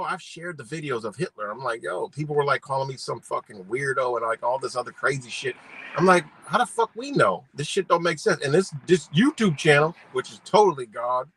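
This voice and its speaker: A man's voice: a little high, fairly bright tone, husky, low-quality recording. A man hosting a live stream, talking in a rambling, profane, slangy way and firing rhetorical questions at his viewers. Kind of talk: casual live-stream rant.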